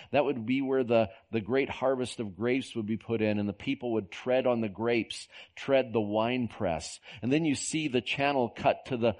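A man's voice: fairly low pitch, a little mellow. A middle-aged man from Oklahoma preaching a sermon in a folksy storytelling manner, often repeating words as he goes. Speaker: pastor.

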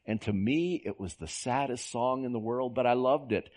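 A man's voice: mid-range voice, normal speed, hardly any pauses, a little mellow. A middle-aged man from Oklahoma preaching a sermon in a folksy storytelling manner, often repeating words as he goes. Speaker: pastor.

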